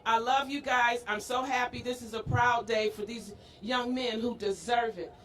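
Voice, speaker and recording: A woman's voice: fairly high pitch, steady tone, moderate pace, a bit bright. A woman speaking at an outdoor school rally, effusive and stretching out her calls as she thanks each group. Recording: distant outdoor news mic with street noise.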